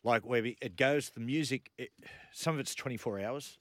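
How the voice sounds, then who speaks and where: A man's voice: medium pitch, normal speed, no room sound, studio quality. Australian man hosting chatty radio. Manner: joking, chatty. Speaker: radio host. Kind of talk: casual radio chat.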